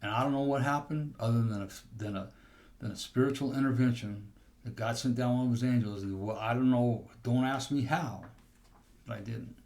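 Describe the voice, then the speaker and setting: A man's voice: mid-range voice, normal speed, darkish tone. A man hosting a podcast, telling a personal testimony in a rambling storytelling way with restarts. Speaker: podcast host.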